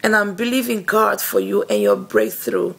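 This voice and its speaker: A woman evangelist giving an earnest, encouraging devotional video message, speaking with a husky, gravelly voice, slowly and with frequent fillers and repeated words. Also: mid-range voice, huge pitch swings.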